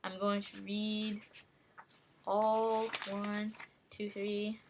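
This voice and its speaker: A woman's voice: mid-range voice, monotone, very slow, noisy background. A young woman vlogging casually to her viewers, rambling and joking at her own expense with frequent giggles. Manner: rambling, self-mocking, giggly. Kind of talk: casual webcam monologue.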